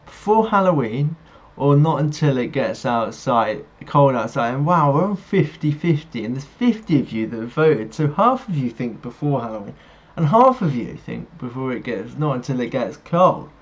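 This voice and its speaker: A man's voice: medium pitch, very animated, moderate pace, husky. A man hosting a live stream, reading viewer messages aloud and chatting back to them casually. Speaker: livestream host. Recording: slightly dull audio, faint music behind. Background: faint background music.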